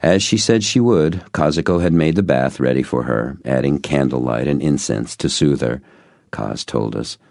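Super deep gravelly guy reading an audiobook, earnest, dry close mic. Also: normal speed, darkish tone, no room sound. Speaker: audiobook narrator. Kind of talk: scripted first-person narration.

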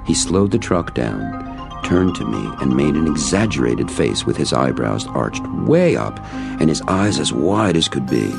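A man's voice: extremely low pitch, measured pace, creaky, over music. A man narrating a first-person story as an audiobook, in a storytelling manner. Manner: storytelling, animated dialogue reading.

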